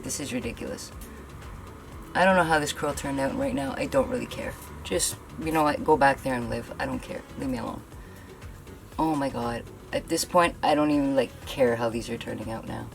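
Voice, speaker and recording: A woman's voice: low voice, vocal fry. A young woman from Canada vlogging a hair tool demo, talking bluntly and venting her frustration. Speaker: beauty vlogger. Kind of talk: frustrated product demo vlog.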